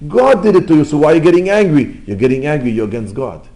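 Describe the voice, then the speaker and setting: A rabbi giving an informal Torah lesson in English, mixing in terms and telling stories, jumping between loud exclamations and quiet asides. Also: male voice, fairly high pitch, big pitch swings, fast talker. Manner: non-native English with Hebrew terms. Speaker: rabbi teaching.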